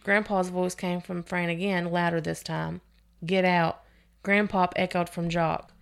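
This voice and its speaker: A woman's voice: lowish voice, moderate pace, vocal fry. Woman reading a spooky story aloud. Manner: expressive reading, now and then restarting a phrase. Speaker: podcast host reading stories.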